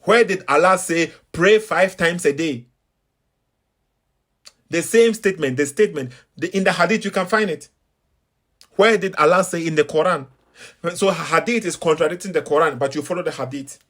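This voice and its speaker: Emphatic Ghanaian man, higher voice. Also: a little fast, fairly bright tone. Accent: Ghanaian English. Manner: preachy, repeats himself, emphatic. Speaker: online debate host. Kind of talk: casual commentary between calls.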